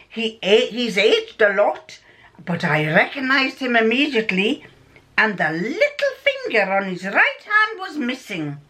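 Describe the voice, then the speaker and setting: A woman's voice: sharp tone, heavily acted. A woman voicing a distraught greying Scottish ex-convict with a put-on Scottish accent that slips into Irish, reading a story aloud. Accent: put-on Scottish, mixed with a bit of Irish. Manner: high, pleading, near tears.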